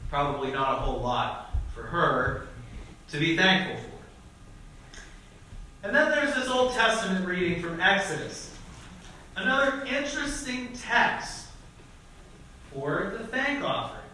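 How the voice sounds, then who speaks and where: A bright, fairly high male voice preaching in a conversational way, often turning to the congregation for agreement. He is heard from some distance in a strongly echoing church sanctuary with a faint hiss behind him. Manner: conversational, often asks "right?". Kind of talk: sermon. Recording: echoey church hall, mic at a distance.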